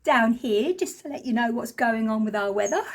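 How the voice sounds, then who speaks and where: A woman from southeast England chatting casually on a craft vlog, slightly croaky, rambling and laughing often. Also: a little high, normal speed. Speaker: craft podcaster.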